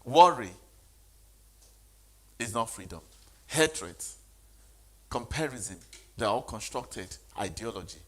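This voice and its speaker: A man's voice: medium pitch, expressive, slow pace, pauses often. A man giving a motivational sermon, speaking emphatically and questioning the audience.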